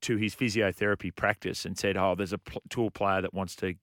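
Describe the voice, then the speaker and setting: A man's voice: sits low, flat delivery, fairly quick, a bit bright, no room sound, studio quality. An Australian man hosting a breakfast radio show, chatting casually and reading out listener texts and phone numbers. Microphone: studio microphone.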